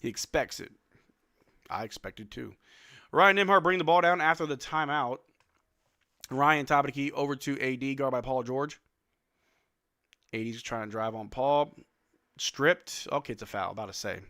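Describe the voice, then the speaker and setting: Bright-voiced sleepy fan streamer. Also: male voice, mid-range voice, normal speed, pauses often, no echo, clean studio sound. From New Zealand. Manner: blunt, swings between flat dismay and sudden shouts. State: yawning, sleepy late at night. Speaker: live stream watch-along host. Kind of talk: casual play-by-play and chat.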